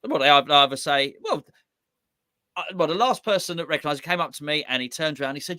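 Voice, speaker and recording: A bright, quick-talking man tells stories in a casual chat, acting out what other people said. His voice sits a little high and sounds close and dry. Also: no echo. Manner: animated storytelling, quotes others. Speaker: fan channel host.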